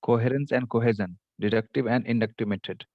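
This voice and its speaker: A man's voice: medium pitch, fairly even intonation, quick pace, no echo, muffled recording. A man teaching an online English class, explaining patiently with many fillers. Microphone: computer mic on video call.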